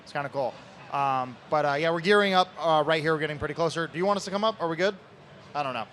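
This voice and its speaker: A man's voice: fairly high pitch, quick pace, fairly bright tone, a little hiss or hum. A man co-hosting a live convention stream, talking with rambling enthusiasm. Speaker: co-host. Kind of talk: casual live event chat.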